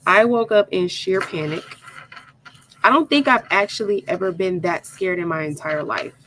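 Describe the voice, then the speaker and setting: A woman hosting a crafting video, telling an animated, dramatic story straight to her viewers while she works. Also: lowish voice, normal speed, a little hiss or hum, poor audio. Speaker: crafting channel host.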